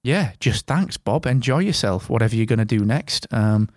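A man's voice: medium pitch, expressive, normal speed, a little mellow, dry recording. A man hosting a casual podcast, chatty and rambling, with a close, dry sound. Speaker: podcast host. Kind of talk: casual chat.

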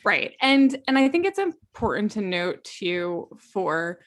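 A young woman talks casually as a podcast co-host, at a middle pitch. She often restarts a phrase while thinking it through, then leans hard on the point she wants to make. Her voice is recorded close and dry, with no room sound. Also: takes it slowly, no echo. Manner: repeats words as she thinks aloud, lively emphasis. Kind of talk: casual conversational chat.

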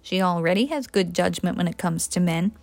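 A woman's voice: a little high, takes it slowly, a bit bright. A woman reading the part of a tired young new mother with a dry, sardonic way of speaking, in an audiobook. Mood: wry.

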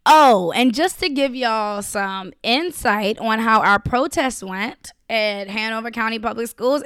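A woman's voice: fairly high pitch, clear, resonant tone, no echo, studio quality. A young woman talking straight to her viewers, blunt, profane and impassioned. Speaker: vlogger. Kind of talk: casual direct-to-camera talk.

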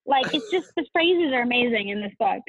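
A woman's voice: on the high side, lively intonation, fairly quick. A woman guest on a podcast, chatting casually and enthusiastically, gushing and laughing often. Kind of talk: casual interview chat. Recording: tinny phone-like line.

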